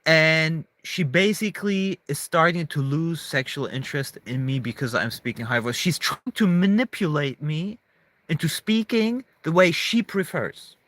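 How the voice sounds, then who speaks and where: A man's voice: a little high, measured pace, a bit bright, no echo. A man in a casual, rambling monologue to camera, emphatic, swearing often and restarting his sentences. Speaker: vlogger.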